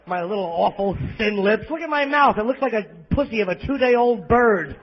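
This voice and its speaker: A man's voice: high-pitched, animated, moderate pace, a little hiss or hum. A man with a New York accent doing a crude, self-deprecating stand-up set at a live club, on a muffled bootleg recording. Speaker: stand-up comedian. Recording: muffled bootleg audience tape.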